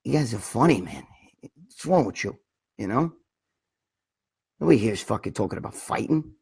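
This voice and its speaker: Husky, profane New man. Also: fairly low pitch, animated, normal speed, a little mellow. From New York. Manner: profane, rambling, blunt. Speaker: livestream host. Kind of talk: casual livestream chat.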